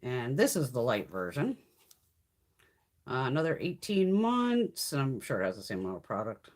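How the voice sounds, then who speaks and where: Chatty woman with lively pitch. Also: normal speed. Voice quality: chatty, swears freely, laughs often. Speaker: beauty vlogger. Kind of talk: casual live-stream chat.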